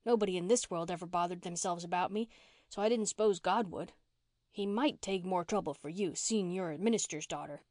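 A woman voicing a rough-spoken runaway orphan girl who talks in blunt, folksy country slang, read for a storybook. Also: fairly low pitch, a little fast, darkish tone, no room sound, studio quality, close to an everyday voice.

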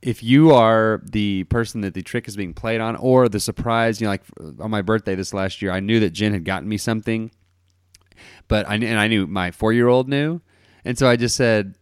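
Low-voiced easygoing man, dry sound. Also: normal speed, smooth, no echo. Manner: easygoing, laughs often. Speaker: podcast host. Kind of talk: casual chat.

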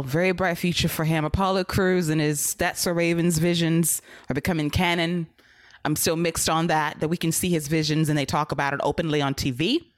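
A woman with a fairly low voice hosts a casual recap podcast. She talks bluntly and sarcastically, with a bit of profanity. She moves the conversation along from one topic to the next. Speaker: podcast host.

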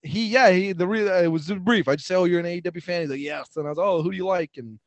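Young male podcast co-host, crude mocking storyteller, fairly high voice, dry close mic. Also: fast talker, no room sound, dull audio. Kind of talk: casual chat.

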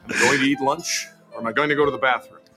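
An actor playing a smug, deadpan TV spokesman in a spoof ad, speaking with a smooth, confident pitch. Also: very fast, close to an everyday voice. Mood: deadpan salesy. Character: smug male ham-selling TV pitchman, deadpan. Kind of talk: comedy sketch ad read. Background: music under the ad.

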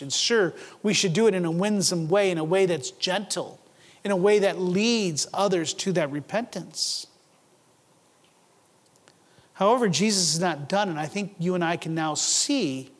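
High-voiced preacher in a reverberant hall. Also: male voice. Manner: earnest, asks rhetorical questions, repeats words when starting a phrase. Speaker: pastor. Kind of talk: sermon. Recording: long reverb of a large hall.

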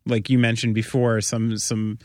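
A man's voice: fairly low pitch, level tone, normal speed, a little mellow, no room sound, studio quality. A man hosting a podcast in casual chat, rambling and swearing freely. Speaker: podcast host.

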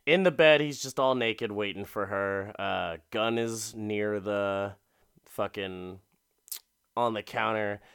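A man's voice: medium pitch, fairly bright tone, clear, resonant tone, no room sound, clean studio sound. A man giving a profane, rambling comic recap of a movie, full of fillers.

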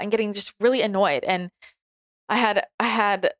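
A woman's voice: mid-range voice, fairly even intonation, normal speed, a bit bright, dry recording, clean studio sound. A young woman talking casually and reflectively on her own, chatty and laughing often, with many restarts and fillers.

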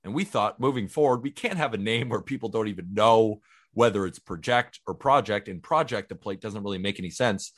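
Lower-pitched man, eager podcast co-host. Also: a little fast, a bit bright. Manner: enthusiastic, heartfelt. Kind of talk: casual chat.

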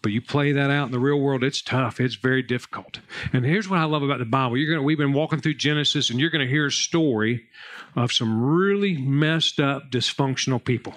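A pastor preaches a sermon in a casual, conversational style, telling Bible stories and family anecdotes with animation and a raised voice in the anecdotes. He has a medium-pitched voice and a brisk delivery.

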